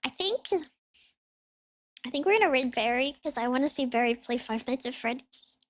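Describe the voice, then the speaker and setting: A woman's voice: sits high, expressive, normal speed, no room sound. A young woman streaming as a VTuber, chatting with her viewers in a bubbly, giggly way and thanking raiders. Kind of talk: casual livestream gaming chat.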